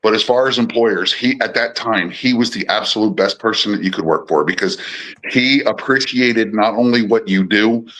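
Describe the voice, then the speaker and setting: Heard on a low-quality recording, a middle-aged man speaks in a lowish, slightly bright voice at normal speed. He's a former personal assistant to musicians appearing as a podcast guest, telling long, relaxed stories with frequent restarts and quotes he acts out.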